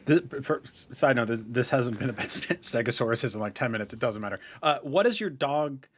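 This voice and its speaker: A man's voice: mid-range voice, brisk. Jokey man hosting a podcast. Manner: jokey, deadpan riffing. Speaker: podcast host. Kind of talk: casual comedic chat.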